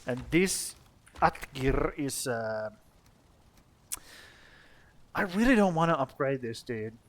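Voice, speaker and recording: A man's voice: medium pitch, expressive, slow pace. Profane rambling man streaming a game. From Finland. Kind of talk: casual gameplay commentary.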